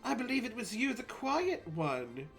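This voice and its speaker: A woman narrating a tabletop role-playing game as game master, playful and lively. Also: a little high, measured pace, faint music behind.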